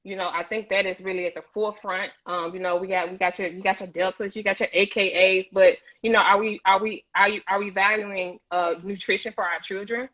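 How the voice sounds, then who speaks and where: A woman's voice: mid-range voice, fairly even intonation, brisk, hardly any pauses, muffled recording. A woman on a talk show panel, speaking emphatically and preachily and repeating words as she builds each point. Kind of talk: impassioned discussion.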